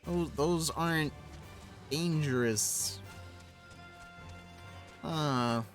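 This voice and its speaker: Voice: medium pitch, very slow, faint music behind. A streamer casually talking to themselves while playing a game live, chuckling now and then. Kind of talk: casual live gameplay commentary.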